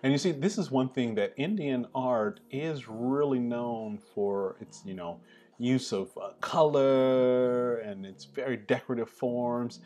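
A man hosting a casual art appreciation vlog, talking in a relaxed, chatty, enthusiastic way. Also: medium pitch, measured pace. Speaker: host.

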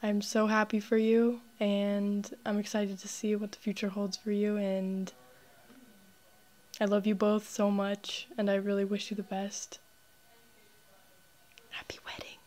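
A woman giving a sincere, casual wedding message in an even tone. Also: mid-range voice, a little slow. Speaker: wedding guest.

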